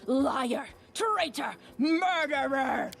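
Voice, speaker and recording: A woman's voice: high voice, lively intonation, extremely slow, vocal fry, fairly bright tone, exaggerated voice. A woman voicing a fanatical, vengeful female cult priestess in a video game, declaiming accusations. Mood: accusing. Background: game music.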